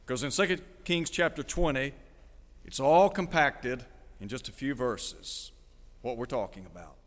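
A man's voice: mid-range voice, normal speed, long reverb tail. A man preaching a radio sermon, reading scripture aloud and asking his listeners direct questions in an earnest manner.

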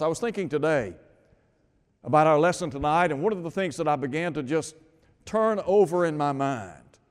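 Preacher, male, earnest and measured, slightly high voice, long hall reverb. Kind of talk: sermon.

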